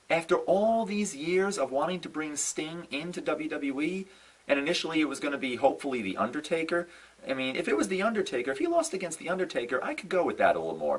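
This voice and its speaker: A man's voice: a little high, husky, far from the mic, poor audio. A young man giving a casual, exasperated rant to camera, sighing, repeating himself and stressing his letdown. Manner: exasperated, animated ranting with sighs and repeated "no"s. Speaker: wrestling fan vlogger. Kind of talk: casual ranting commentary.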